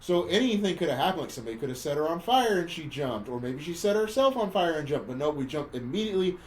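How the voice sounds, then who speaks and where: A podcast co-host casually recaps a movie plot with a wry, mocking blow-by-blow, often tripping over and repeating words. His voice is fairly high, very animated, and darkish in tone, and he talks fast. The low-quality recording carries a little hiss or hum.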